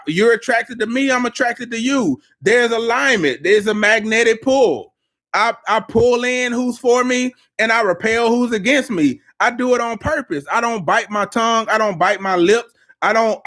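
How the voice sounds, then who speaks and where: A man's voice: high-pitched, fairly bright tone. A man coaching business owners on a live stream, emphatic and preachy, repeating his phrases for effect. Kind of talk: live-stream pep talk. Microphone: live-stream mic.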